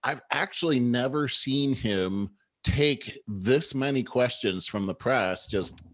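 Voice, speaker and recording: A man hosting a talk show, telling political stories in a measured, conversational way. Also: medium pitch, a bit bright. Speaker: show host. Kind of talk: casual political commentary.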